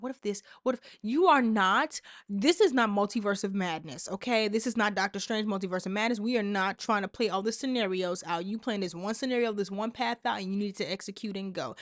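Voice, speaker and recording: A woman's voice: mid-range voice, no echo, clean studio sound. A woman vlogger talking straight to camera, emphatic and repetitive, with sassy asides. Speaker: motivational vlogger. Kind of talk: direct-to-camera motivational talk.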